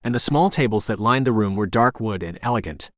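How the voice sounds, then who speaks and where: A man narrating an audiobook in the first person, in a steady, measured scripted reading on a close mic. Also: lowish voice, dry recording.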